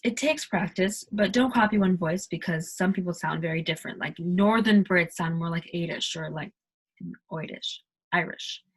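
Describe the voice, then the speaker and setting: American woman host for a casual tutorial vlog, a bit low-pitched, airy, rambles chattily. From United States. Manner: chatty, rambling with many fillers. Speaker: video host teaching accents.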